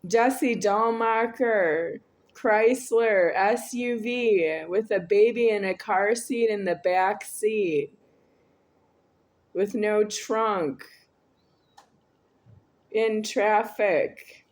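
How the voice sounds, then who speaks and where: Woman video creator, unhurried and rambling, talking solo to camera in repeating loops. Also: medium pitch. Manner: rambling, repetitive, swings between quiet and raised.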